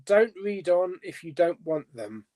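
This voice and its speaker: A man with a fairly high voice that swings up and down a lot, chatting unhurriedly as the host of a live show. He reads viewer comments aloud and muses to himself as he goes. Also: big pitch swings, a little slow, mellow. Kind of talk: casual live chat reading viewer comments.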